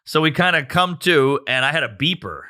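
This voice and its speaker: A man telling a rowdy story in casual chat, animated and profane, acting out quotes with sound effects. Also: a little high, a little fast. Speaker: comedian guest telling a story.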